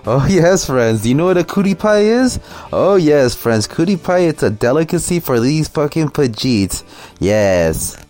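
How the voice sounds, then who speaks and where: A man's voice: fairly high pitch, very animated, a little slow, darkish tone, soft background music. Sneering foul-mouthed male commentator. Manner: sneering, mocking, heavy swearing. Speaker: video commentator. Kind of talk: profane commentary over a video clip.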